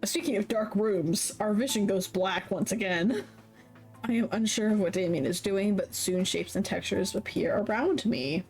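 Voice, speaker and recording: A woman streaming a story game live, reading its text aloud between giggly, animated asides and casual swearing. Her voice sits at an ordinary middle pitch for a woman, with faint music underneath. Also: normal speed.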